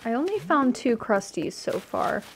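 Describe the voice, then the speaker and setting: A woman's voice: on the high side, big pitch swings, moderate pace, gravelly, slight background noise. A woman giving casual, gushing commentary while she tours a game island, easily delighted and chatty. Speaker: streamer touring a game island.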